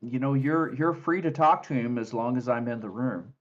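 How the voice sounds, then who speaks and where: A courteous small-town sheriff and father, hesitant and apologetic, slowing down as he picks his words, as a man puts him on. The voice sits a touch low and even, and the recording is dull and lo-fi. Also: close to an everyday voice. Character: polite small-town male sheriff, middle-aged father.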